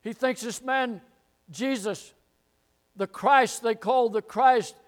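Man preacher, high voice, sermon delivery, repeats lines for emphasis and rises to loud declarations. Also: slow. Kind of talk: sermon, expository Bible teaching.

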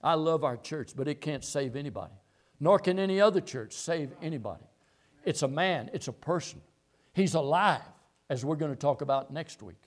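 A male pastor preaching a sermon, moving from low, quiet asides to loud, impassioned passages. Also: lively intonation, moderate pace.

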